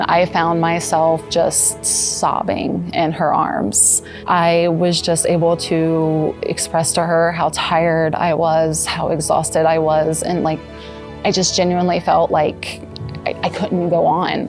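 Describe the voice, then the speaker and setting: Low-voiced earnest woman in her thirties. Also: flat delivery, over music. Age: 30s. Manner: earnest, halting, with soft restarts. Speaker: former patient giving a testimonial. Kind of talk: personal testimonial.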